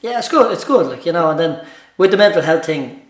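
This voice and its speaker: A man's voice: fairly high pitch, animated, brisk, noisy background. Jokey Dublin man in an echoey room. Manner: jokey storyteller, laughs often. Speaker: shop manager. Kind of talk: casual podcast chat.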